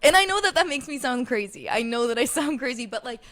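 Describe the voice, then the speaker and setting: A young woman with a fairly high voice hosts a solo podcast, rambling through stories with endless "like"s and casual swearing. The sound is dry and close, with no room echo. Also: animated, fairly bright tone. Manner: chatty, lots of "like", swears freely, quick asides. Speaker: podcast host.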